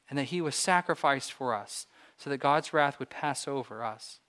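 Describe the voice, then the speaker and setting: A male pastor delivering a sermon in a slightly high voice. He speaks emphatically, stacking repeated phrases for rhetorical force. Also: fairly bright tone.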